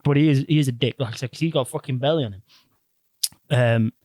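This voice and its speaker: Talking fast in a mid-range voice, a young man hosts a podcast and spins a story in casual conversation, cursing freely and acting out what people said. There's no echo on the recording.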